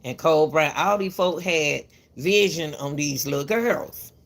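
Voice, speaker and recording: With a low voice and a measured pace, a commentary channel host speaks casually to the camera. She emphatically repeats herself while lecturing parents, calls viewers "baby," and often trips over and restarts her words.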